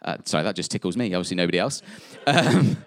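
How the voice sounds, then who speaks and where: A man's voice: low voice, expressive, fast talker, a bit bright, no room sound, clean studio sound. A man preaching a conversational sermon in church, reading scripture aloud with fillers, asides and little jokes. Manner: conversational, jokey, self-interrupting with fillers.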